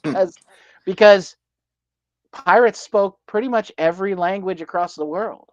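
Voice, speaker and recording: An American man co-hosting a casual livestream, speaking haltingly with many fillers and restarts. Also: sits high, dry recording, highs cut off. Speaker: livestream co-host.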